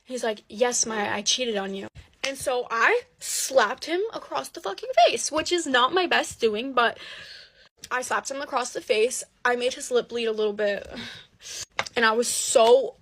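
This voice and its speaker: A teenage girl telling a dramatic personal story in a chatty, animated way, full of "like" fillers. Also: fairly high pitch, normal speed, a little hiss or hum. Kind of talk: casual storytime.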